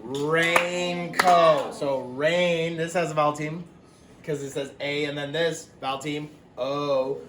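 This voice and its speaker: A man teaching a phonics lesson to young children, patient and slow, repeating each word. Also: a little high, steady tone, roomy sound, background noise. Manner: patient, explains words slowly and repeats them.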